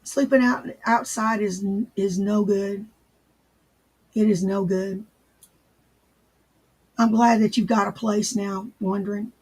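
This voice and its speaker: A man hosting a casual livestream, answering viewers in his chat and gently repeating his reassurances. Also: sits high, fairly even intonation, slow, pauses often, slightly rough. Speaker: livestream host.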